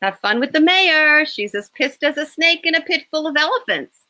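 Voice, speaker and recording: A woman's voice: fairly high pitch, big pitch swings, normal speed, sharp tone. A woman voicing a bossy pregnant Bostonian. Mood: sassy. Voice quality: sassy, bossy. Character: sharp-tongued pregnant woman, office manager.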